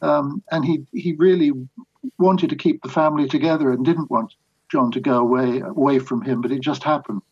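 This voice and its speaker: An older man with a husky, slightly breathy voice answers interview questions at a thoughtful, unhurried pace. He talks in a reflective, anecdotal way and often restarts his sentences. The recording sounds somewhat dull and lo-fi. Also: a little high, steady tone, a little mellow. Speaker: biographer guest.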